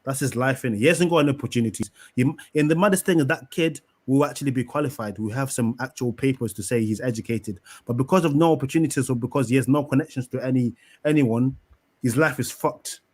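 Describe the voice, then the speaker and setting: A young man, chatting in a casual debate. His voice sits at an average pitch. He tells stories in an animated, profane way and tags his points with quick asides. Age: 20s.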